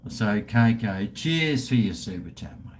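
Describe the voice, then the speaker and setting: A man's voice: on the low side, expressive, measured pace, slight background noise. An Australian man in his fifties hosting a casual live stream, joking crudely, swearing and toasting viewers over drinks. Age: 50s. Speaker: livestream host.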